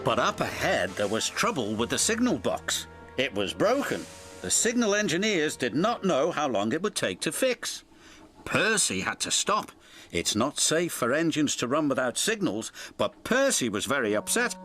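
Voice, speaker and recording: A man narrating a children's storybook in a gentle, expressive read-aloud manner. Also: mid-range voice, moderate pace, faint music behind.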